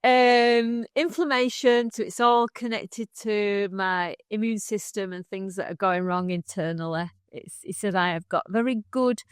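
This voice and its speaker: A middle-aged woman, co-hosting a casual chat, animated and quick to laugh. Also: mid-range voice, clear, resonant tone, dry recording, clean studio sound. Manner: chatty, laughs often, animated storytelling. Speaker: podcast co-host.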